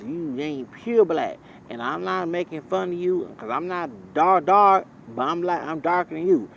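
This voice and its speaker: Man, gravelly voice, slightly high, blunt and profane, rambling story, faint street noise. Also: poor audio. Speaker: vlogger. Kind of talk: casual storytelling rant.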